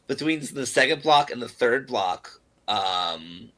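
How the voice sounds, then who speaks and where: A man's voice: medium pitch, expressive, slow pace, a bit bright. A man chatting casually on a podcast, telling a story with many fillers and restarts. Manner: rambling, lots of fillers and restarts. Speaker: guest performer.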